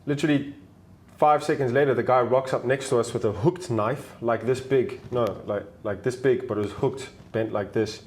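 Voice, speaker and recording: A man's voice: medium pitch, moderate pace. South African man telling street stories. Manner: animated, acts out voices in his stories. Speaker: travel YouTuber guest. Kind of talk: casual storytelling.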